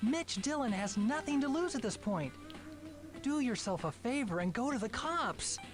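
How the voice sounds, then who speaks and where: An actor playing a charming, flattering young man in a mystery video game. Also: very high-pitched, moderate pace. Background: game music.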